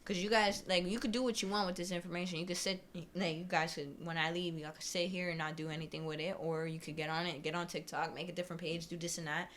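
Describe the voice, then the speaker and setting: A woman's voice: fairly low pitch, little pitch movement, fast, few pauses, fairly bright tone, slight background noise. Slangy young woman rambling casually. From New York. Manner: rambling, slangy, cusses freely. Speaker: podcast guest. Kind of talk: casual podcast chat.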